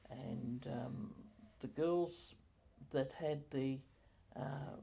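An older woman recalling her community life in an oral history interview, halting with many fillers and self-corrections. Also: a bass voice, creaky, dark tone, husky.

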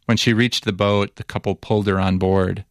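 A man narrating a documentary story as reporter in a measured, even way, also asking interview questions. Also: on the low side, no room sound, clean studio sound.

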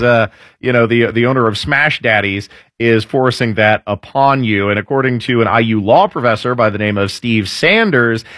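A man's voice: medium pitch, fairly bright tone, no echo, studio quality. A man hosting opinionated political news commentary, sarcastic and full of hesitant fillers.

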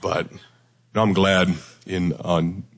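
Man, preacher, deep low voice, hoarse, nearly losing his voice, folksy sermon. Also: level tone, slow, long reverb tail. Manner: folksy, conversational, self-deprecating. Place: church sanctuary before a congregation.

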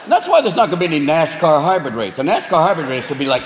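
Animated high-voiced male stand-up comic. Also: fast talker, hardly any pauses, very noisy. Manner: animated, profane, acts out voices. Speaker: stand-up comedian. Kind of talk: stand-up routine. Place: live comedy venue. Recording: echoey live venue, loud crowd.

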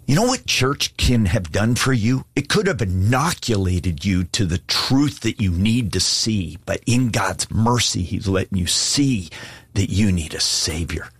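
A man's voice: fairly low pitch, expressive, a little slow, slightly rough, dry recording. A man preaching an earnest, pleading sermon and asking listeners to give their lives to Jesus. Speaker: pastor. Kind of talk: sermon altar call.

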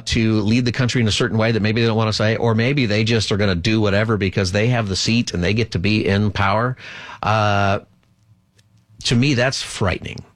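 A talk radio host with a fairly low male voice delivers opinionated political commentary. He rambles a bit, with fillers and asides. The sound is dry and close, with no room echo.

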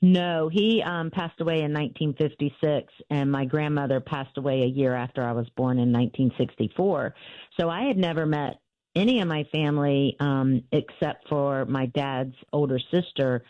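A woman's voice: deep voice, moderate pace, no room sound, highs cut off. A woman author telling her family's story in an interview, earnest and full of fillers and restarts.

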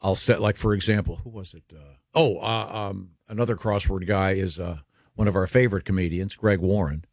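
Low-voiced rambling male radio host. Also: brisk, no echo, clean studio sound. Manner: rambling, hesitant, many fillers. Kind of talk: casual morning radio banter.

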